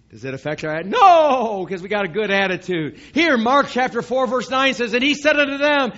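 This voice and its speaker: A man preaching a sermon at a church service, reading scripture aloud and swelling louder on his key points. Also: high-pitched, sing-song, normal speed, pauses often, dull audio. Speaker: pastor.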